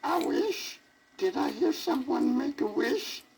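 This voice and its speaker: A man voicing a sweet little old lady elephant fairy godmother, squeaky and very high, chanting rhyming spells, on a crackly 1960s vinyl record. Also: very animated, slow pace, vocal fry, darkish tone, breathy edge, exaggerated voice. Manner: sing-song rhyming spells.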